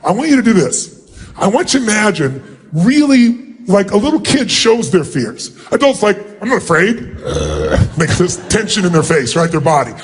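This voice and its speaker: A man's voice: sits high, normal speed, breathy edge. A man leading a live motivational seminar in a large hall, energetically calling out instructions to thousands of people. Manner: commanding, energetic, calling out to the crowd. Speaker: seminar speaker leading an audience exercise.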